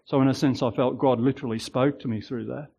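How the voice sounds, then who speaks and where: A man's voice: mid-range voice, fairly even intonation, fast talker, gravelly, darkish tone, husky, low-quality recording. Chuckling preacher in his sixties. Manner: conversational, chuckles at his own asides. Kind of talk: sermon.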